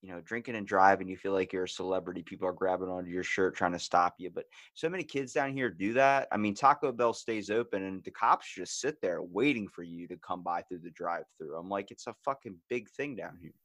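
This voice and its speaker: Guy hosting a podcast, gets loud and animated telling stories, cusses a lot, dry sound. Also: low-pitched, brisk, few pauses, no echo. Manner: animated storyteller, swears freely, acts out quotes loudly. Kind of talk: casual chat.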